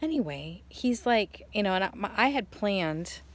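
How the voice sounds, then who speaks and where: Animated and medium-pitched, a middle-aged woman vlogs at a moderate pace about something personal, telling it casually. She drifts, begins sentences again, and laughs between thoughts, her emotion heartfelt and occasionally bringing her near tears.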